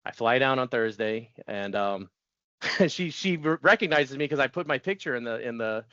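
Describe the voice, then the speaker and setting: A man's voice: medium pitch, lively intonation, moderate pace, sharp tone, no room sound. Forties guy telling a story on a podcast, laughs a lot, dry lo-fi recording. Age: 40s. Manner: chatty, laughs often, restarts sentences. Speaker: podcast guest. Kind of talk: casual storytelling interview. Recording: dull dry lo-fi audio.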